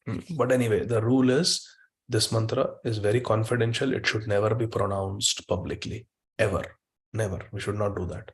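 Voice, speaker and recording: A man's voice: lowish voice, fairly even intonation, brisk. A man giving a devotional scripture class in an online meeting, emphatic and repeating words for stress. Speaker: spiritual teacher.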